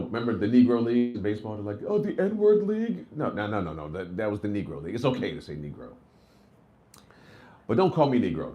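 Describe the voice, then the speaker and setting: Animated, foul-mouthed man doing stand-up. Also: medium pitch. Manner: profane, animated storytelling with lots of "like" and "right?". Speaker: stand-up comedian. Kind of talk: live stand-up set.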